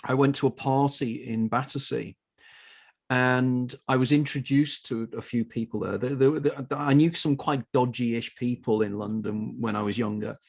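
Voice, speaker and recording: Man with a gravelly voice, co-host. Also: medium pitch, fairly even intonation, moderate pace, darkish tone. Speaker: co-host, interviewer. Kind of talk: conversational interview.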